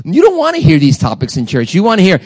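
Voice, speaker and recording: A man's voice: high voice, wildly swooping pitch, fast talker, darkish tone, slightly rough. A male pastor preaching a sermon at a church service, talking conversationally with lots of rhetorical questions, urging the congregation along and often restarting his sentences. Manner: restarts and stumbles over words.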